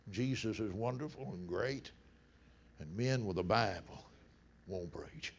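A middle-aged man preaches in a folksy, storytelling sermon voice. His low, gravelly tone rises into loud bursts and drops to near hush. The recording sounds dull and lo-fi.

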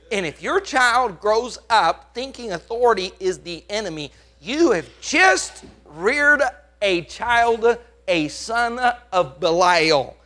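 A man preaching a sermon as pastor, emphatic, swinging from hushed lines to loud ones and asking the congregation questions. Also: sits high.

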